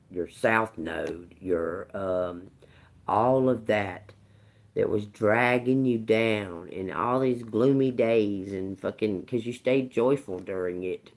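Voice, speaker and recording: A woman's voice: a bass voice, a little mellow. A woman hosting a casual livestream tarot reading, emphatic and prone to laughing, with casual swearing and phrases repeated for emphasis. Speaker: tarot reader.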